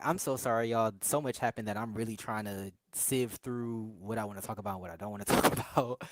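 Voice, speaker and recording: A woman's voice: extremely low pitch, no room sound. Chatty woman recapping with laughs. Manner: chatty, laughing, acts out quotes in asides. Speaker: podcast co-host reviewing a reality show. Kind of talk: casual recap chat.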